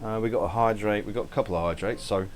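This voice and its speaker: A man's voice: fairly low pitch, steady tone, quick pace, slight background noise. A man hosting a cooking livestream, chatting casually while he cooks, thanking viewers by name, swearing lightly and cutting himself off mid-sentence, all in a put-on accent he keeps up throughout. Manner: frequent self-interruptions and light swearing; puts on an unnamed accent for the whole stream. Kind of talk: casual live-stream chat while cooking.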